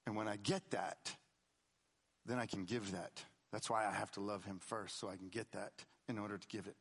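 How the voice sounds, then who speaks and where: A middle-aged man preaching a conversational sermon, swinging between loud emphatic lines and quiet, low asides. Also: steady tone, normal speed, creaky, breathy edge. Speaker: pastor.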